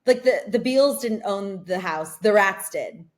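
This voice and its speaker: A woman's voice: mid-range voice, lively intonation, measured pace. A young woman co-hosting a podcast from a remote setup, telling a long story in casual chat and saying "like" often. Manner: rambling storyteller, heavy use of "like". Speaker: podcast co-host. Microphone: remote recording.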